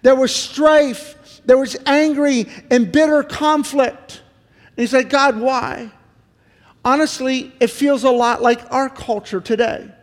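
A man's voice: very high-pitched, steady tone, measured pace, in a large hall. A middle-aged male pastor giving an earnest sermon, full of repeated pleading questions. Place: church sanctuary.

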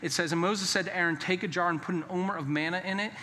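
A pastor preaching a sermon in a church, emphatic and conversational, sometimes dropping to a hushed, earnest tone. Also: male voice, high-pitched, fairly even intonation, fast, slight background noise. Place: church sanctuary. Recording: long hall reverb.

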